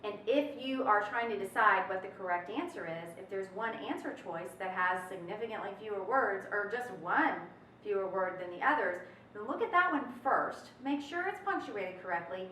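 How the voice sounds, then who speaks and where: A woman teaching a webinar grammar lesson in a lively, folksy manner, drawing out her examples for emphasis. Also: medium pitch, moderate pace, distant mic, a little hiss or hum. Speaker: test prep instructor. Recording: echoey room, off-mic.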